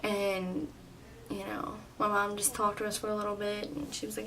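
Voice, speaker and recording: A young woman vlogger telling a personal story in a casual, chatty way, full of "like" and quick laughs. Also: mid-range voice, monotone, vocal fry, a bit bright. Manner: chatty, lots of "like", laughs often. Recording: slightly distant, faint room noise.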